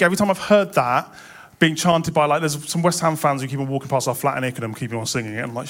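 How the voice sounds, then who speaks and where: A man's voice: fairly high pitch, quick pace, a bit bright. A young man preaching a sermon in a church, impassioned and building to emphatic swells.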